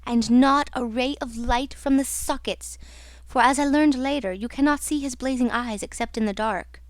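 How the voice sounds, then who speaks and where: A woman narrating an audiobook in a slow, dramatic reading style. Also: high-pitched, no room sound, close to an everyday voice. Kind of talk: scripted narration.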